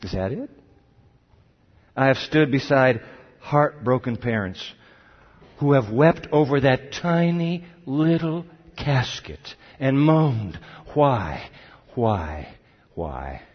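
A man preaching a sermon, swinging dramatically between loud cries and hushed questions. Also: medium pitch, slow pace, long pauses. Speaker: pastor. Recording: long hall reverb, dull lo-fi sound.

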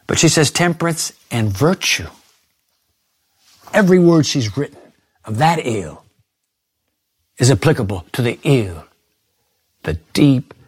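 A man preaching a sermon, reading quotations aloud and urging his listeners with animated emphasis. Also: medium pitch, husky, no room sound, clean studio sound. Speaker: pastor.

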